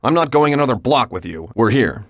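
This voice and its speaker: An actor playing a gruff, impatient taxi passenger in a video game, talking in a blunt, grumbling way. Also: male voice, medium pitch, lively intonation, fairly quick, no echo, clean studio sound, natural voice.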